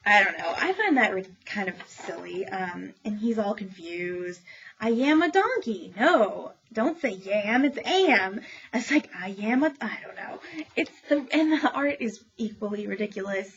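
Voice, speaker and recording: Chatty woman with a gravelly fry. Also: mid-range voice, lively intonation, a little slow, fairly bright tone, highs cut off. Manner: chatty, many ums, opinionated asides. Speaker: librarian reviewing new children's books. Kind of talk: casual book review talk.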